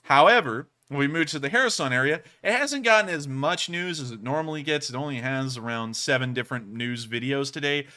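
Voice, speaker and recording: Bright-voiced male war news streamer. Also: mid-range voice, brisk, few pauses. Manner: chatty, sarcastic, frequent fillers and restarts. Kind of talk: live-stream news commentary.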